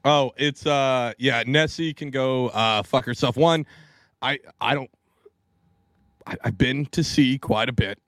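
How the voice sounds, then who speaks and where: A man's voice: mid-range voice, a little slow, fairly bright tone, dry recording. A man in his forties from the Pacific Northwest, hosting a casual podcast chat and telling stories with lots of swearing and jokes. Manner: profane, joking storyteller. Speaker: podcast host.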